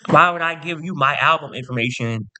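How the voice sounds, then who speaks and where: A man's voice: on the high side, fairly quick, pushed and bright. A man telling a profane, sassy storytime rant to camera as a vlogger.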